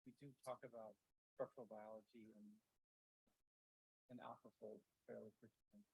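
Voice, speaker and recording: A man answering an audience question haltingly, with many fillers and restarts, heard faintly from far off. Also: fairly low pitch, little pitch movement, creaky, a little mellow, slightly rough. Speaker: keynote speaker answering a question. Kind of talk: hesitant Q&A answer.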